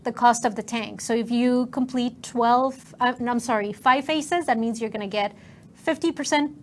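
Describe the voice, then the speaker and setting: A woman's voice: a little high, normal speed. A woman co-hosting a game stream in casual, upbeat chat.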